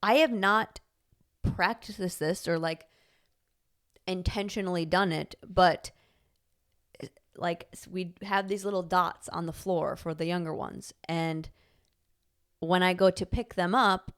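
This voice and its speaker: A woman's voice: on the low side, fairly even intonation, a little slow, pauses often, a bit bright, smooth. A woman co-hosting a casual podcast, talking in a rambling, chatty way with lots of "like" fillers and frequent laughs. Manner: laughs often while telling stories. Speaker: podcast co-host. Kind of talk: casual conversational podcast chat.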